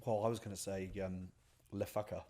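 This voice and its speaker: A man chatting casually as a podcast co-host, an animated storyteller. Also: low voice, fairly quick. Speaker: podcast co-host, session singer. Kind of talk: casual chat.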